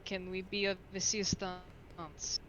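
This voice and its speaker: A woman's voice: fairly low pitch, flat delivery, takes it slowly, a bit bright. A woman voicing a polite female adventurer who speaks formally and measuredly in a tabletop game.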